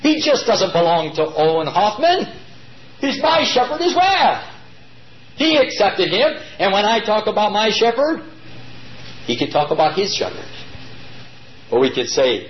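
A man preaching a sermon to his congregation, emphatic and drawing key words out slowly. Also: high-pitched, very animated, a little hiss or hum. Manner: addresses congregation as "beloved". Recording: dull lo-fi recording.

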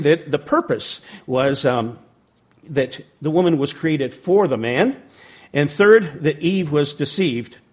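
Guy teaching bible study, reads verses then explains, slightly higher voice, easygoing. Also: husky. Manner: conversational, with ums and a humorous story.

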